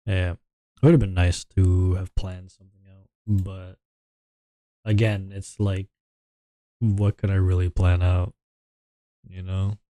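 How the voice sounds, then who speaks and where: Male streamer, casual rambling chat, very low flat voice, dry close sound. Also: takes it slowly, long pauses, no room sound. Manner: meandering, mumbling, trailing off.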